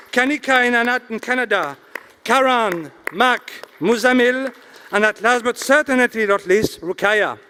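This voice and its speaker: High pitched guy emceeing awards, joking around, reading out sponsor names slow. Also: pushed and bright, a little hiss or hum. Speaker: awards ceremony host. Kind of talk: emcee announcing and joking on stage. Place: hotel event hall.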